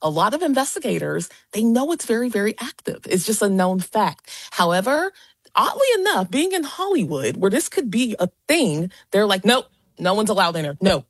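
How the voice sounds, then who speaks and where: A woman who investigates paranormal sites, a guest on a radio talk show, answering in an animated, expressive way with some halting restarts. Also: medium pitch, slightly rough, no echo. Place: Los Angeles.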